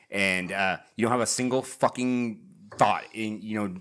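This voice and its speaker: Male podcast co-host, lowish register, animated casual recap, swears freely. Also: normal speed. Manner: animated retelling, acts out characters' lines, swears freely. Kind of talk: casual movie recap chat.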